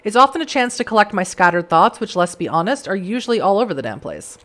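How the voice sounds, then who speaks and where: A hoarse woman streamer reading a story game aloud and chatting along. Her pitch is lively and bouncy, and her delivery is animated and playful. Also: fast talker. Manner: animated, laughs between lines.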